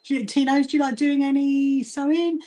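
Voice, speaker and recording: An Englishwoman with a southern accent, founder of a quilting association, hosts a casual sewing livestream, chatting and greeting viewers as she works. Her voice sits high and steady, brisk and dark in tone, and she often restarts her sentences.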